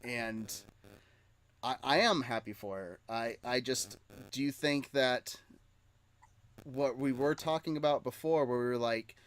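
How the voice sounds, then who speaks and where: A man's voice: medium pitch, measured pace, pauses often. A man hosting a casual nerd-news podcast, chatty and reading chat comments aloud. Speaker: podcast host.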